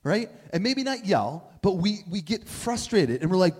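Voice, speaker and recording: A man's voice: high-pitched, sing-song, normal speed, a little mellow, husky. A middle-aged man giving a sermon as a pastor, telling stories in a conversational way and asking "right?" often. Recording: long reverb of a big hall.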